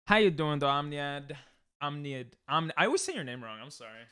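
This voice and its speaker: A man's voice: fairly high pitch, sing-song, a little fast, sharp tone, smooth. A young man hosting a gaming stream, teasing his friends in a laid-back way. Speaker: streamer host. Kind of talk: casual gaming stream chat.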